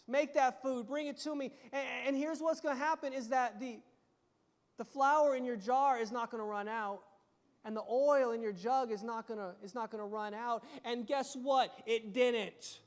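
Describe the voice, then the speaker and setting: A man preaching a sermon as pastor, animated and acting out quoted voices. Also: very high-pitched, a little slow, in a large hall.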